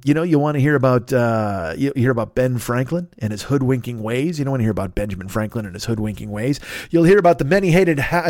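A man's voice: mid-range voice, no room sound, clean studio sound. A man hosting a podcast, chatting casually and riffing on tangents with crude, jokey humor. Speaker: podcast host. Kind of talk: casual, rambling promo chat.

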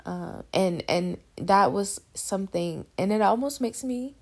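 With a gravelly, mid-range voice and measured pace, a young woman in her twenties shares her testimony of faith. She talks conversationally to "y'all," emotional and on the verge of tears in this casual devotional setting.

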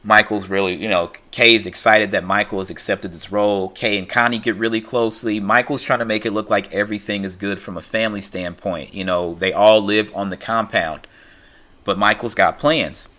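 A man talks through a film's story in an easygoing, rambling way, stopping to restart his sentences and filling gaps with "like" and "you know." His voice sits on the low side but has a bright, forceful edge. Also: fairly even intonation, moderate pace. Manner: conversational, loose, with fillers and restarts, acting out quoted lines. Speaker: film recap commentator. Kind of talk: casual retelling of a film plot.

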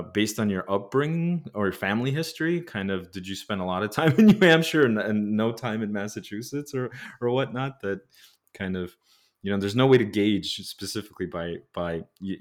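A man's voice: on the low side, moderate pace. A man born in the Soviet Union, hosting a podcast interview, speaking with frequent restarts and fillers. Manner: hesitant, many restarts and fillers. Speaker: podcast host.

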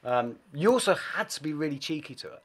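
Brief: expressive male musician guest, candid and profane, with a wide pitch range. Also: fairly quick. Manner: swearing, self-deprecating, animated. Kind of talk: anecdotal storytelling.

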